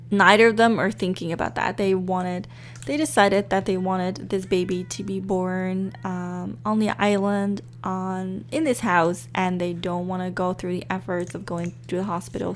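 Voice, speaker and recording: A young woman giving casual, excitable let's-play commentary with lots of fillers, talking into a desk microphone. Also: medium pitch, slight background noise. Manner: chatty, excitable, many fillers. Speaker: gaming YouTuber.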